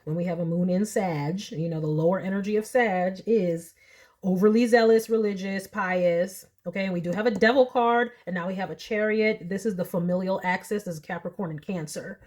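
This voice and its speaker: A young woman giving a casual pick-a-card tarot reading, chatty and animated, often laughing. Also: medium pitch, brisk. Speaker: tarot reader.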